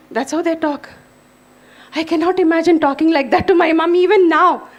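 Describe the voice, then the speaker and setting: A woman's voice: very high voice, fairly even intonation, moderate pace. A middle-aged woman, an English professor, giving an earnest lecture to students and speaking to them directly. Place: lecture hall.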